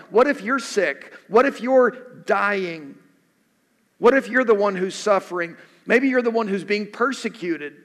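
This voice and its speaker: A man's voice: high-pitched, fairly bright tone. A male pastor preaching a sermon in an earnest way, repeating questions for emphasis. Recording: echoey hall.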